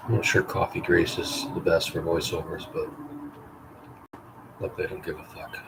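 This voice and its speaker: A man's voice: sits low, little pitch movement, normal speed, creaky. A man reading and editing his own story aloud live, wry, profane and self-mocking. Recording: loud background noise.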